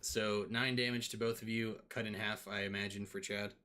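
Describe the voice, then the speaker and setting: A man's voice: on the low side, little pitch movement, normal speed, pushed and bright, a little hiss or hum. A man acting as dungeon master in a tabletop game. He laughs often and explains the rules patiently.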